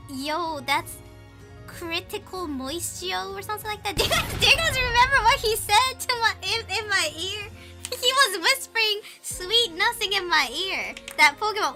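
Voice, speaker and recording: A woman with a very high, bouncy voice chats casually on a live drawing stream. She switches between Japanese and English and breaks into laughter often. Music plays softly behind her. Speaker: live-stream artist and host.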